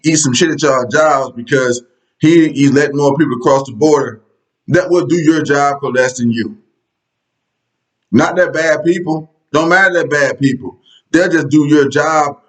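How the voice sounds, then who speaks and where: A man's voice: a little high, rough recording. A man giving a casual political rant straight to his viewers, blunt, profane and sarcastic in tone. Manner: conversational, addresses viewers directly. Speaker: political commentary vlogger.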